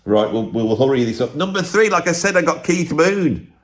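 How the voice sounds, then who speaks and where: A man's voice: on the high side, very animated, moderate pace. A man, a drummer hosting his own video, talking bluntly and rambling, at times arguing with himself. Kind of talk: casual opinionated monologue.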